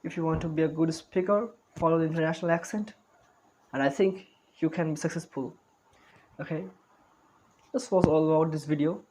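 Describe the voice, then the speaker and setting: A man's voice: fairly high pitch, steady tone, fairly quick, pauses often, darkish tone, low-quality recording. A man giving an online spoken English lesson, talking carefully, repeating words and correcting himself as he goes.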